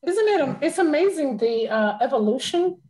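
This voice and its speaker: A woman's voice: high voice, very animated, moderate pace, darkish tone, low-quality recording. A woman talking in a casual conversation, telling a personal story with emotion and frequent laughter.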